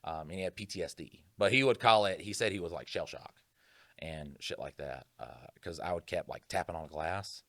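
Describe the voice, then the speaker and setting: A man's voice: low voice, moderate pace, fairly bright tone, no echo. A man co-hosting a podcast, telling rambling, profane stories in casual chat. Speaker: podcast co-host.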